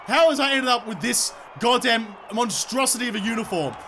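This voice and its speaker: A young Australian man with a high, bright voice that keeps breaking into shouts as he plays. He commentates his own match with rowdy, cheeky energy, over a faint hiss of background noise. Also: animated, brisk. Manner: shouts and cheers at the game, cheeky jokes. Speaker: gaming video creator. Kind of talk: excited gameplay commentary.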